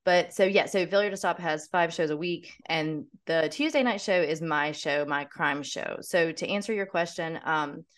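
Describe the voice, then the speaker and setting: Talkative woman guest with a lowish voice. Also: moderate pace, few pauses. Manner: eager and talkative, with fillers and restarts. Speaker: podcast guest. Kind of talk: casual interview answer.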